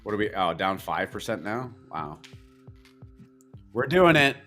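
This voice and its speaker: A man's voice: lowish voice, big pitch swings, unhurried, a bit bright, soft background music. A man with a Canadian accent co-hosting a podcast, talking bluntly in a rambling, casual way full of fillers. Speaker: co-host.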